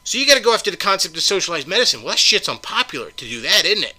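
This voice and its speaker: A man's voice: high voice, very animated, rapid-fire, sharp tone. A man hosting a podcast in a heated solo rant, swearing often and firing off sarcastic rhetorical questions. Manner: profane, sarcastic, heated ranting. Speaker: podcast host.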